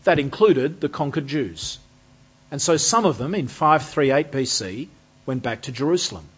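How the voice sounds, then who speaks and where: A man with a slightly husky voice preaches a sermon at a measured pace. He slows down to stress key phrases as he explains a scripture passage. The recording sounds dull and lo-fi. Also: mid-range voice, expressive.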